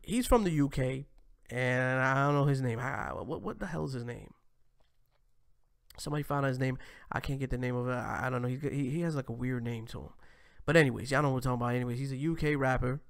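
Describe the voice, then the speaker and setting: A man hosting a casual commentary show, reacting to clips in a loose, profane, animated way. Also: medium pitch, fast talker, gravelly. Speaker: host.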